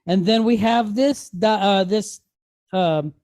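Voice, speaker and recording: A woman's voice: medium pitch, takes it slowly, a little mellow. A woman teaching a language lesson to a class, patiently spelling out sounds and quizzing her students with frequent "right?" checks. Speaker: Hebrew teacher.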